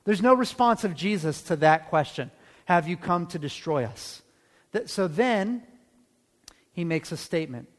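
A man preaching a sermon as pastor in a church, talking conversationally and checking in with the congregation through quick rhetorical questions. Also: fairly high pitch, expressive. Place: church sanctuary. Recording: long hall reverb.

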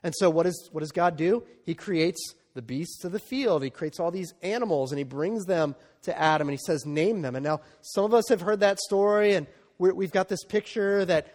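A man's voice: high voice, normal speed, a little mellow, big-room sound. A man preaching a sermon as pastor, conversational and checking in with "right?" and "okay?" asides.

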